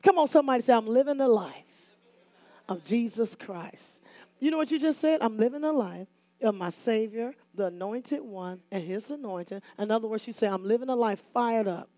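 A woman minister preaching a fiery call-and-response sermon, often rising to shouts. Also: on the high side, lively intonation, normal speed, no room sound.

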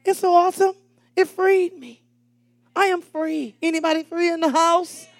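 High-pitched woman preacher, dry close sound. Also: moderate pace, no echo. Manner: animated and call-and-response, swinging between shouts and hushed asides. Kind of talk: sermon.

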